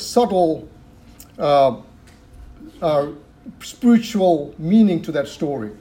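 Reading scripture and then unpacking it, this male preacher uses rhetorical questions and repeated phrases to drive his points home. His pitch is fairly high and his tone is mellow.

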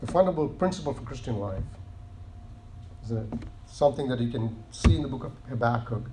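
A man's voice: mid-range voice, lively intonation. Guy preaching a sermon, earnest, keeps restarting and leaning on words, bit of faint hiss behind. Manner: earnest, repeats and restarts phrases, stresses key words slowly.

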